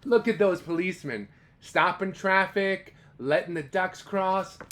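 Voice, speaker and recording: A man reading a children's picture book aloud, animated and stopping to ask the young listener questions. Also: high voice, a little slow. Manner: animated, asks the listener questions, gasps and exclaims. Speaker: children's storyteller.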